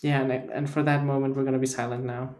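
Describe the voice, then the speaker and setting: A man co-hosting a casual podcast chat, teasing and deadpan, acting as if he believes none of it. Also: mid-range voice, fast talker. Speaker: podcast co-host.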